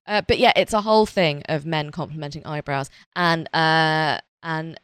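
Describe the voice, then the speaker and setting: A chatty British woman with a lowish voice, chatting loosely as a podcast co-host. She is recorded close and dry. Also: fairly even intonation, normal speed, fairly bright tone, smooth, no room sound. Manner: chatty, laughing, many "like" fillers. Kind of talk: casual chat.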